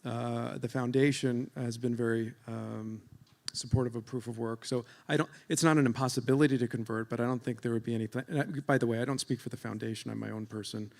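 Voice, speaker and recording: Fast-talking male moderator, gravelly, hesitant with fillers. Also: medium pitch, fairly even intonation, darkish tone. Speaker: panel moderator. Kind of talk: panel discussion. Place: conference stage.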